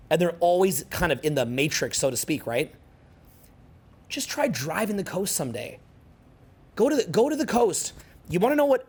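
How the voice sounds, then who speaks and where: A man in his forties giving a casual, rambling seminar talk, swearing freely and peppering his speech with fillers. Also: fairly high pitch. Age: 40s. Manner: rambling, profane, animated, filler-heavy. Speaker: seminar speaker.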